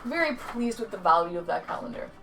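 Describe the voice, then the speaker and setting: A woman's voice: medium pitch, big pitch swings, fairly quick, pushed and bright. A woman livestreaming and casually answering her chat aloud, rambling and chatty with some swearing. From Canada.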